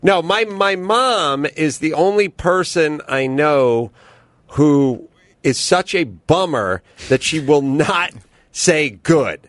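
Male podcast host, lively cursing banter, dry close mic. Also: on the high side, takes it slowly, no room sound. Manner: animated, swearing, does voices. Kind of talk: casual comedic chat and ad reads.

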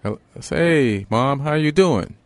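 Podcast guest, laughs a lot, slow speech with a very lively pitch. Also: male voice, no room sound. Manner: laughs often, jokey. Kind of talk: casual comedic chat.

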